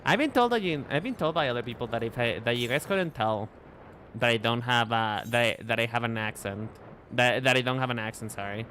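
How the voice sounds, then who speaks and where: A man's voice: medium pitch, fairly quick, sharp tone, a little hiss or hum. A man from Mexico, a streamer, chatting casually while playing, joking and correcting himself a lot. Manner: rambling, self-correcting, joking. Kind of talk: casual game commentary. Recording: faint background music.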